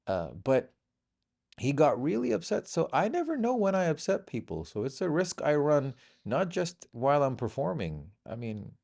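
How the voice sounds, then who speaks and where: A man's voice: on the high side, huge pitch swings, normal speed, gravelly, a little mellow. A middle-aged man from Bahrain, a comedian guest telling stories in casual chat and acting out the voices of people he quotes.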